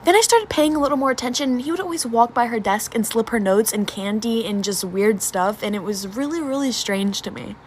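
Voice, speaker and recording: A woman telling a gossipy story time at a rapid clip. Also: on the high side, animated, a little mellow, slight background noise.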